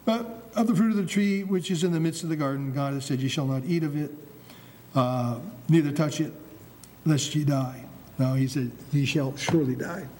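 A man's voice: a little high, normal speed, dark tone. A man preaching a sermon with a Michigan Upper Peninsula accent, emphatic, repeating his phrases and sometimes stumbling over words. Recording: reverberant hall with faint ambient noise.

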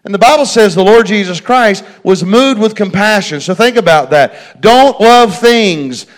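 A man's voice: sits high, expressive, a little slow. A middle-aged man preaching a folksy sermon, repeating phrases and talking straight to his congregation. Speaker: pastor.

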